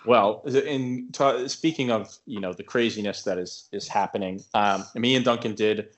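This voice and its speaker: A man's voice: lowish voice, moderate pace. A young man co-hosting a podcast, telling a story in a rambling casual way, full of filler words and restarts. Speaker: podcast co-host.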